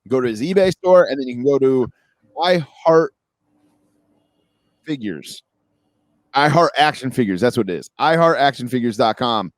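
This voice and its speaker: A man co-hosting a podcast, talking casually and joking in quick asides, with a light western Massachusetts accent. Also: mid-range voice, animated, no room sound. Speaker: podcast co-host. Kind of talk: casual chat.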